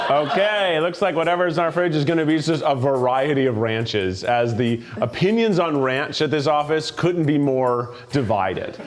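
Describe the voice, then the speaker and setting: A man's voice: on the high side, unhurried, crowd noise. A man from Tennessee hosting a food tasting in an office, joking and reacting playfully as he eats. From Tennessee, USA. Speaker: host.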